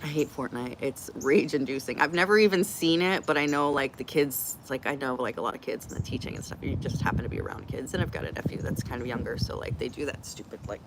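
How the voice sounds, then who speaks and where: A woman's voice: extremely low pitch, fast, hardly any pauses, background noise. A middle-aged woman hosting a casual live Q&A, chatty, blunt and joking as she reacts to comments from her viewers. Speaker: livestream host answering chat.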